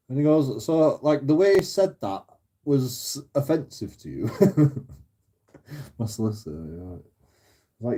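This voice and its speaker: A man's voice: medium pitch, sing-song, unhurried, pauses often, dark tone. A man hosting his channel, ranting casually, swearing freely and laughing often between rambling restarts. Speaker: channel host.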